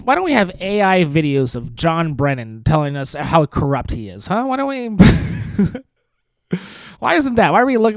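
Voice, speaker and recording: Rambling, sardonic man with a lively voice. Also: high voice, dry recording. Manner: rambling, profane, sardonic, with many restarts. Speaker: podcast host. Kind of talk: solo comedic monologue. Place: studio apartment.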